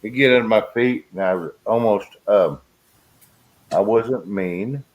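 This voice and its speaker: A man's voice: fairly low pitch, measured pace, lo-fi sound. A man chatting casually as host, blunt and joking, laughing often. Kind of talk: casual chat.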